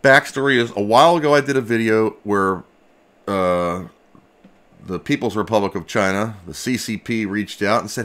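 A man hosting a casual livestream from his home workshop, chatting excitedly and swearing mildly as he opens packages. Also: fairly low pitch, moderate pace. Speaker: retro computer restoration channel host. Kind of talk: casual livestream mail-opening chat.

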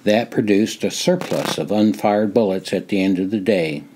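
A man's voice: fairly low pitch, darkish tone, slight background noise. Older man reading his memoir. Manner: measured, plain storytelling. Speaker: memoir narrator.

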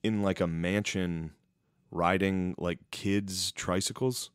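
A man co-hosting a casual podcast, telling crude jokes and stories and breaking into squeaky impressions. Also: fairly even intonation, slow pace, clear, resonant tone, no echo, studio quality. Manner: crude, joking storyteller who mimics people in high squeaky voices. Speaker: podcast co-host.

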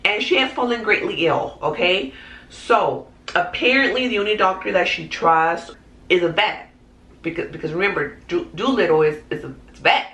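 A woman's voice: fairly low pitch, normal speed, fairly bright tone. A woman hosting her own movie review channel, talking frankly and casually and often repeating her words. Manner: talkative, frank, repeats herself. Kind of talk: casual chat. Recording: echoey room.

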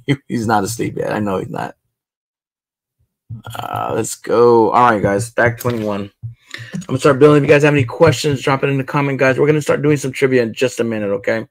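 A man's voice: mid-range voice, lively intonation, fairly quick, gravelly, no echo. A man hosting a casual livestream while he builds, chatting loosely with viewers and a guest. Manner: laid-back, chatty, talks to viewers. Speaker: livestream host.

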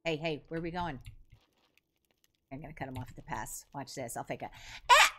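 A young woman streaming a video game, chatting casually and greeting her chat by name in an animated, jumpy way. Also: low voice, a little fast.

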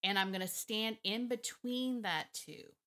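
A woman dog trainer explaining her methods in a casual, emphatic way, thinking out loud and laughing often. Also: mid-range voice, a little slow. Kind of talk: casual talk to camera, teaching.

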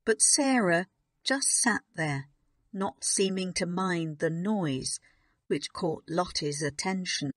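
A woman narrates a graded storybook for learners, slow, clear and even. Her voice sits a little low and the recording is dry and close. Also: no room sound. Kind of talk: graded reader audiobook narration.

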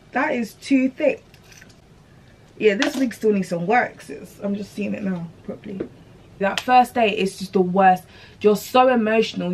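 A young woman chatting casually to viewers as she installs a wig, slangy and animated. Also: mid-range voice, slight background noise. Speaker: beauty vlogger.

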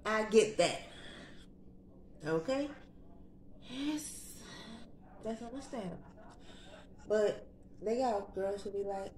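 A woman's voice: medium pitch, slow pace, pauses often, a little mellow, echoey room. A young woman vlogging in casual, sassy, slang-heavy chat.

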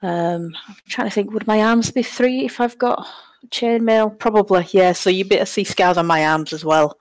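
A woman's voice: mid-range voice, moderate pace, no echo. Hesitant woman player thinking aloud. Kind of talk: casual tabletop game chat.

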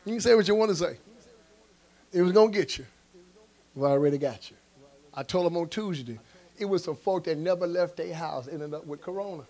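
A man preaching a sermon, leading call-and-response and rising to shouts. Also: a little high, fairly quick, pauses often. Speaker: pastor. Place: church sanctuary.

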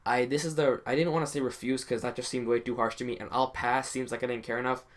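A man's voice: mid-range voice, flat delivery, fast talker. A man talking casually over his gameplay as a YouTuber, rambling and hesitant with many restarts and self-conscious asides. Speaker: gaming YouTuber.

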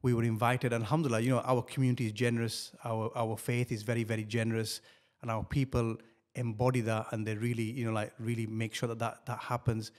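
A middle-aged man, telling a personal story as a podcast guest, halting and repeating words with many fillers. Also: mid-range voice, flat delivery. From northern England.

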